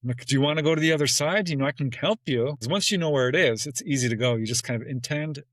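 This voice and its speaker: A man talking as a podcast guest in casual storytelling, acting out quoted exchanges with sudden jumps in pitch and laughing often between phrases. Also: fast, a bit bright, no echo, low-quality recording.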